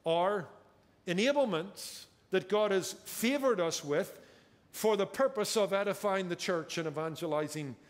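A man's voice: sits high, lively intonation, a little slow. A man preaching a sermon as pastor, emphatic and drawing out key words for effect, recorded in a church sanctuary. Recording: church hall with long reverb.

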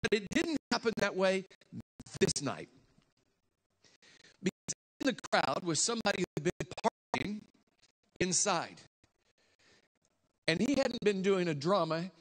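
A man preaching a sermon as a lively story, acting out the people in it with sudden shouts and stretched-out words. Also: high voice. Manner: animated, acts out voices with shouts and drawn-out words. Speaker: guest preacher.

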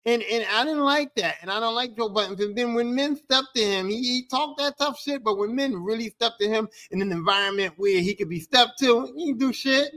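Man, high voice, podcast host, solo rant, heated, profane, repetitive. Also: brisk, few pauses, pushed and bright.

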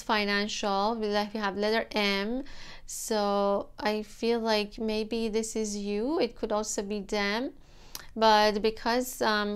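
A woman giving a tarot reading to camera, gentle and emotional, with many fillers. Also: mid-range voice, smooth. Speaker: tarot reader.

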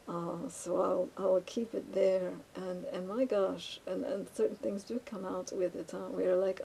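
A woman talks to her camera while painting, her voice dark and mellow with a gravelly edge. She rambles and muses, stumbling through fillers and restarts in a fairly flat tone. A faint hiss sits under the recording. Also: on the low side, rough recording. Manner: halting, many fillers and restarts, musing. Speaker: vlogger.

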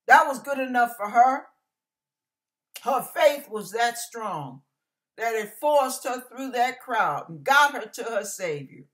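A woman's voice: a little high, fairly bright tone. A middle-aged woman preaching an emphatic, fiery, folksy sermon.

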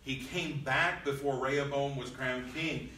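A man's voice: medium pitch, steady tone, unhurried, bright, forceful tone, slight background noise. A man teaching a Bible lesson in a church, reading old scripture aloud and then explaining it in casual, plain talk. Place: church room. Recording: echoey room, mic at a distance.

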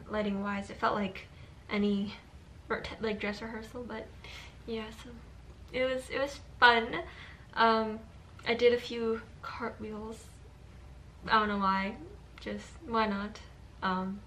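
High, bright-voiced teenage girl vlogging. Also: slight background noise. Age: teens. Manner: rambling, fillers of "like", frequent giggles. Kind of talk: casual daily vlog. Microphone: handheld camera held up close.

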